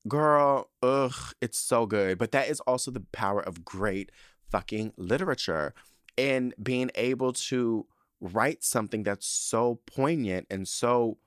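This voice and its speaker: A man in his thirties hosting a podcast, chatting casually with a gushing, profane, animated manner. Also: fairly low pitch, no echo, clean studio sound. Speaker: podcast host. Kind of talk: casual chat.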